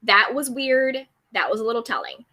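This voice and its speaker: A woman's voice: fairly high pitch, moderate pace, bright, forceful tone. A woman hosting a casual live chat, reading viewer comments aloud and answering them. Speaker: YouTube recap host reading live chat.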